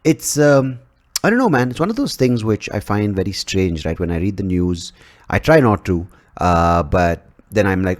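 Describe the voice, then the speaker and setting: Male podcast host, lowish voice, casual solo monologue, rambling, swears a lot, animated pitch jumps. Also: normal speed. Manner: rambling and profane, with frequent restarts.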